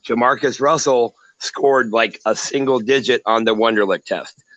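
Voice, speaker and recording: A man's voice: mid-range voice, normal speed, fairly bright tone, no echo. A man joining a sports talk show over a video call, ranting like a showman with mocking flair. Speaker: guest commentator. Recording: dull lo-fi call audio.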